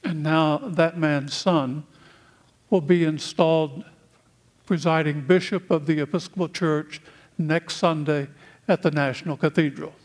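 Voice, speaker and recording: Slow, deliberate American preacher, man. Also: fairly high pitch, fairly even intonation. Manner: slow, deliberate delivery with long pauses. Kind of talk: sermon.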